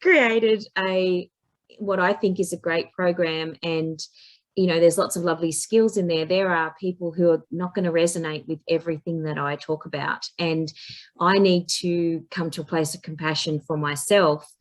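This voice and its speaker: A woman coach and teacher, a podcast guest, chatting casually and telling lively stories in which she acts out what people said. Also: on the low side, moderate pace. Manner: animated storyteller who acts out quotes. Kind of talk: casual chat.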